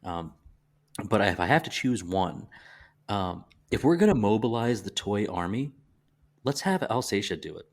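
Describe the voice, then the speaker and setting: Southern man, low voice, casual podcast co-host, halting and reflective. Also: lively intonation. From American South. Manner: halting, restarts often, thoughtful. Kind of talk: casual movie discussion.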